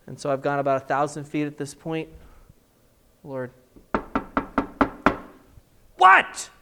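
Animated male preacher, slightly high voice. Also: fast, heavy background noise. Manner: animated, emphatic repetition. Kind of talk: sermon with personal story.

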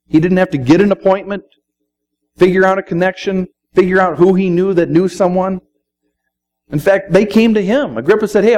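A man's voice: high-pitched, darkish tone, rough recording. A middle-aged man preaching a sermon, speaking conversationally and quoting scripture. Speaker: pastor.

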